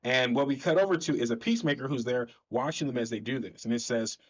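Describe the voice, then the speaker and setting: A man's voice: mid-range voice, fast, hardly any pauses. A man chatting enthusiastically as he recaps a comic book, correcting himself as he goes, on a slightly dull recording.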